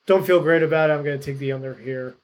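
A man's voice: a little high, fast. A man co-hosting a casual sports betting podcast, talking in a chatty, rambling way full of "like" and "you know.". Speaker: podcast co-host picking games.

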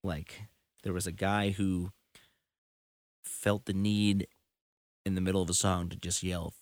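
Speaking in a low, level, unhurried voice, this touring musician spins stories casually, wandering off track and leaning heavily on fillers. The recording has no room sound.

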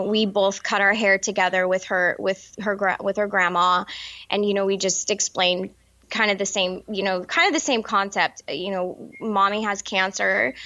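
A woman in her thirties speaking candidly in an interview, halting often with fillers and restarts. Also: medium pitch, bright, forceful tone, dull audio. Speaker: interview guest. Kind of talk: personal interview.

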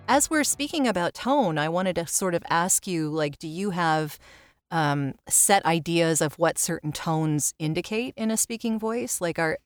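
A woman hosting a podcast interview, speaking in a soft, soothing and clear voice. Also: on the low side, unhurried, soft background music. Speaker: podcast host.

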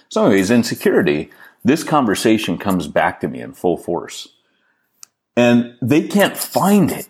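Husky deep-voiced man telling a story. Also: huge pitch swings, moderate pace, darkish tone. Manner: rambling, self-deprecating anecdote telling. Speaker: podcast co-host. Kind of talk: casual storytelling.

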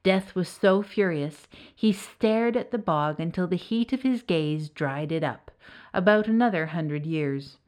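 Expressive woman storyteller. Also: lowish voice, unhurried. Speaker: narrator and author. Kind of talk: storybook narration.

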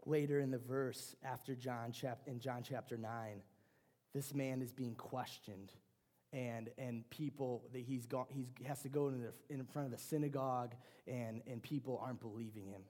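A man preaches in a relaxed, conversational way and often restarts his phrases. His voice sits in a mid register with a mellow, warm tone. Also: medium pitch, moderate pace. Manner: conversational, with frequent restarts and fillers. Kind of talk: sermon.

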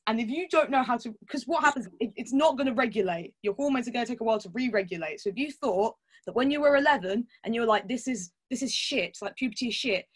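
A woman's voice: fairly high pitch, slightly rough. A woman chatting candidly as a podcast guest, laughing often and swearing casually. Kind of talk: casual chat.

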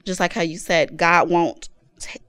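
A woman's voice: fairly low pitch, fairly even intonation, unhurried, a bit bright, smooth, no echo. A woman guest on a faith-based podcast, sharing an earnest, reflective testimony.

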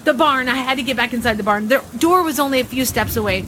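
A woman reading a listener's spooky story aloud, dramatic and expressive as she acts out the suspense and fright. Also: high voice, fast talker, a little hiss or hum.

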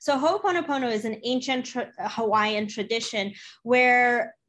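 A woman's voice: fairly high pitch, unhurried, a bit bright. A young woman guest on a podcast, talking earnestly in casual conversation and often repeating herself.

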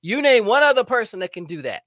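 A man's voice: sits high, big pitch swings, quick pace, sharp tone, no room sound, clean studio sound. A man hosting a casual podcast chat, playful and theatrical, dramatizing his stories. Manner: playful, theatrical, jumps into voices. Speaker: podcast host.

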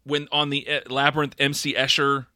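A man co-hosting a podcast with his brother, talking casually about a film in a halting, offhand way and swearing now and then. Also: medium pitch, completely flat delivery, pushed and bright, no echo, studio quality. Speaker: podcast co-host. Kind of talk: casual movie-review chat.

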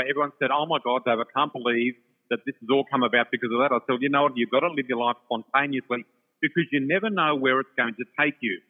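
Excitable man on a phone line. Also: medium pitch. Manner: excitable, laughs often, acts out other voices. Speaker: storyteller guest. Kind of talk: animated personal anecdote. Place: shopping centre. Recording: tinny phone line with long reverb.

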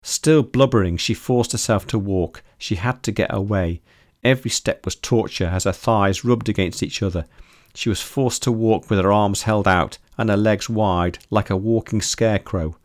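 A man reading a story aloud in steady, measured scripted narration. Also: fairly low pitch, dry recording, clean studio sound. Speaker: audiobook narrator.

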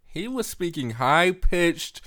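Bright-voiced man ranting about a movie. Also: on the high side, big pitch swings, takes it slowly. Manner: laughs often while ranting. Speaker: podcast co-host. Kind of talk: casual movie review chat.

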